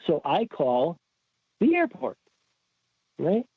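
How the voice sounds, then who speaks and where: A male podcast guest with a fairly high, husky voice tells a story in casual chat, speaking a little slowly with long pauses. He is animated and acts out the quoted dialogue. The recording is dry and sounds like a tinny, phone-like remote call.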